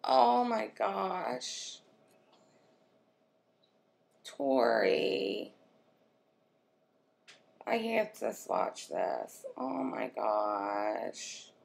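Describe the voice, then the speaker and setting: A woman vlogging at home as she unboxes a makeup swap, gushing and excitable as she talks to her viewers and her friend. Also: very deep voice, drawn-out words, gravelly, pauses often. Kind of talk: casual unboxing chat. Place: at home, with her children nearby.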